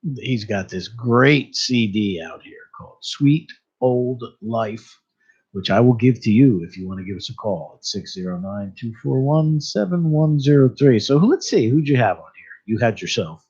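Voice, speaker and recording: A man's voice: medium pitch, expressive, normal speed, darkish tone, breathy edge. A man hosting a radio show, chatting casually with a guest, laughing often and stumbling over names. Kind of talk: casual radio interview chat. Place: radio studio. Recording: dull lo-fi radio broadcast.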